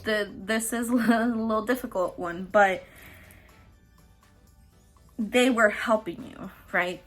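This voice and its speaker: A woman's voice: mid-range voice, fairly bright tone. A woman hosting a casual pick-a-card tarot reading, chatty and profane, often laughing mid-sentence. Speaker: tarot reader and host.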